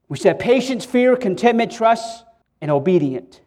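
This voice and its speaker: A man's voice: high-pitched, lively intonation, moderate pace, a little mellow. A middle-aged man preaching a sermon as pastor, impassioned and acting out prayers and quotes, often stammering as he restarts.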